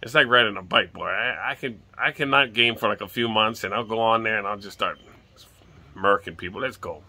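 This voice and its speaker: A man's voice: fairly low pitch, a little fast, pushed and bright. A middle-aged man from Hawaii with a light lilt, rambling casually and swearing now and then as he chats on his porch. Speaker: vlogger. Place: outdoors on a home porch.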